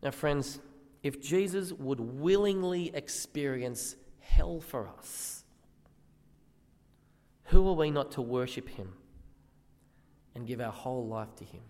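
A man's voice: medium pitch, expressive, takes it slowly, pauses often, darkish tone, big-room sound. A man preaching a sermon in earnest, often asking the listeners questions.

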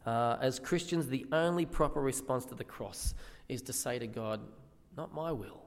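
A man's voice: medium pitch, normal speed, long reverb tail. A man preaching a sermon in earnest, often asking the listeners questions.

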